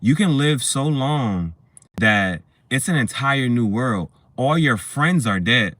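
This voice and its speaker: Man, movie reviewer, middle pitch, rambling, swears a lot, dry sound. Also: lively intonation, measured pace, fairly bright tone, no room sound. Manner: rambling, profane, laughs while retelling scenes. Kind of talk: casual spoken movie review.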